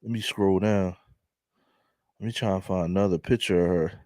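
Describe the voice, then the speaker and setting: A young man with a Philadelphia accent doing casual, laughing commentary to his viewers in drawn-out slang. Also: deep voice, steady tone, a little mellow, no echo, clean studio sound. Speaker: commentary vlogger.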